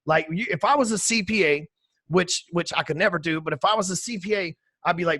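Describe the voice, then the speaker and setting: A man, talking emphatically and with high energy as a podcast guest, swearing casually. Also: a little fast, sharp tone, no room sound. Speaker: podcast guest, sales trainer. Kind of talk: energetic interview talk.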